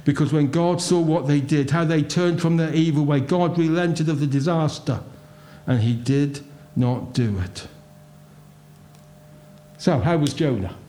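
High-voiced preacher in an echoey hall. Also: male voice, unhurried, long pauses. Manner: emphatic, rhetorical questions, swings between loud and hushed. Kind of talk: sermon. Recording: roomy echo.

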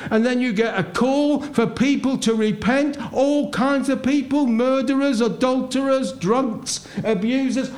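A man preaching a sermon, emphatic and full of rhetorical questions, his voice swinging between loud and hushed. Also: extremely high pitch. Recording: roomy echo.

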